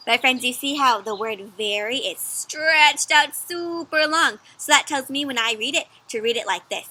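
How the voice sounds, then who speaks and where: A woman reading a picture book aloud to children in a teacherly way, pausing often to ask them questions. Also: sits high, bright, forceful tone. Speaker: children's story reader. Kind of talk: interactive read-aloud for kids.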